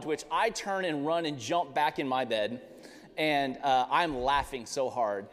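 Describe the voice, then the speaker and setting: Laughing pastor telling a story in a hall. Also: male voice, medium pitch, measured pace, fairly bright tone. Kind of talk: sermon with personal storytelling. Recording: long reverb of a large hall.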